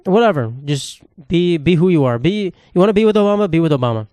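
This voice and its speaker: A man's voice: fairly high pitch, animated, fast, mellow, smooth, no room sound. A young man hosting a solo comedy podcast, rambling and sarcastic, swearing freely. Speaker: podcast host.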